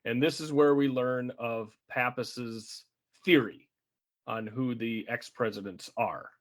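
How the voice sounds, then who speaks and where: A man co-hosting a podcast, recapping a film's plot in a relaxed, chatty way with an occasional chuckle. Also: medium pitch, takes it slowly. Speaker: podcast co-host. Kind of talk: casual chat.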